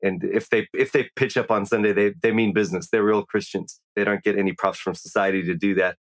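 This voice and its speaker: South African pastor, casual and dry-sounding. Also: male voice, lowish voice, fairly even intonation, a little fast, no room sound. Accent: South African, mixed with some American. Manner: chatty, self-deprecating, many restarts. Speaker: pastor and guest. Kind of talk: casual podcast conversation.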